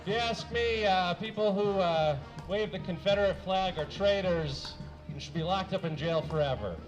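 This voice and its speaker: A young man with a high voice works through a stand-up set in a flat, deadpan way. He stumbles over his words, fills gaps with uhs and clears his throat now and then. He performs on a small stage before a live audience. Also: moderate pace, soft background music, poor audio. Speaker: stand-up comedian.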